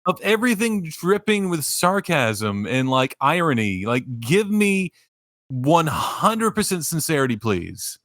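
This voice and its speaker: A man's voice: fairly high pitch, very animated, a little slow, a bit bright, no room sound, studio quality. A man co-hosting a podcast over a remote call, ranting with strong opinions in casual chat. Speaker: podcast co-host.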